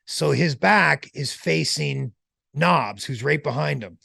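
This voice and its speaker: A man telling a long, animated anecdote as an interview guest, in a slangy, casual way. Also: on the high side, slow, vocal fry, breathy edge, no room sound, studio quality.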